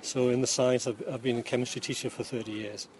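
A man's voice: medium pitch, flat delivery, fast talker, a little mellow, slight background noise. A middle-aged man from Newcastle with a Geordie accent, explaining his work in a rambling way with dry humour and lots of ums. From Newcastle, England. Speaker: yarn dyer and former chemistry teacher. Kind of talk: casual interview answers. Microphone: interviewer's phone.

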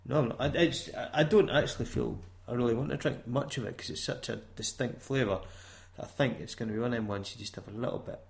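A man's voice: mid-range voice, fast, vocal fry, few pauses. A Scottish man chatting as a co-host, with dry teasing remarks. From Scotland. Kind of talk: casual chat.

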